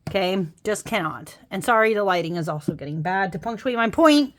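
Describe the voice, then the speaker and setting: A woman's voice: medium pitch, lively intonation, fairly quick. A woman hosting a casual vlog, ranting with exasperation and swearing about deck cardstock. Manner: exasperated, swearing, laughing through rants. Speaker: tarot deck reviewer.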